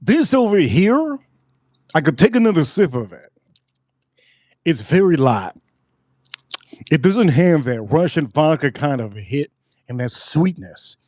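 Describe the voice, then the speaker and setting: A man hosting a casual live tasting review, excitable and repeating himself for emphasis. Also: on the high side, a little slow, long pauses, no echo, studio quality. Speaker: spirits reviewer host.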